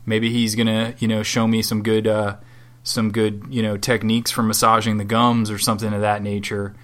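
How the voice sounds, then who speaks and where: A man's voice: on the low side, little pitch movement, normal speed, a bit bright. A man co-hosting a podcast from Southwest Florida, chatting casually in a rambling, sardonic and profane way. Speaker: podcast co-host. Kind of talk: casual chat.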